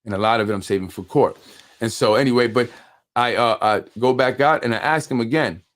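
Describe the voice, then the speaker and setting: Recounting a confrontation at length, a New York host of a local politics call-in show speaks fairly quickly and with vigor, at a normal middle pitch. When heated, he stumbles over repeated words, and he performs the other people's lines himself.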